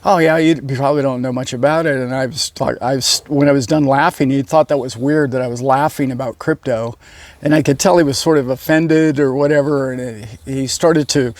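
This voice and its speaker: A man, a channel host, telling a story in a casual monologue that rambles, with many pauses and self-corrections. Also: medium pitch, fairly even intonation, a little mellow, dry recording. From United States. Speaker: channel host, boat captain.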